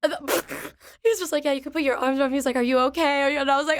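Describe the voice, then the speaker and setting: A young woman co-hosting a podcast, telling a story in a lively way and acting out quoted lines with squeaky bursts. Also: fast, dry recording. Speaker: podcast co-host. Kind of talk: casual chat.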